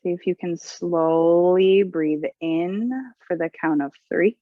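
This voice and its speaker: A woman leading a gentle yoga class, giving calm, soothing cues about breath and posture. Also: lowish voice, slow pace, dry recording, narrow, tinny audio. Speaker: yoga instructor. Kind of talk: guided yoga class instruction.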